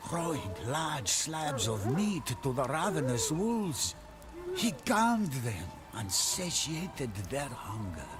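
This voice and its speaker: Man, game narrator, scripted storytelling, unhurried, medium pitch. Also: big pitch swings, noisy background. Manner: slow, measured storytelling.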